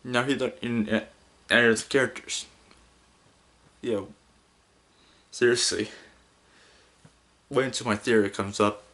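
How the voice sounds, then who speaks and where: A man's voice: medium pitch, fairly even intonation, unhurried, long pauses, fairly bright tone. Rambling, giggly podcast host, a man. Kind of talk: casual podcast monologue.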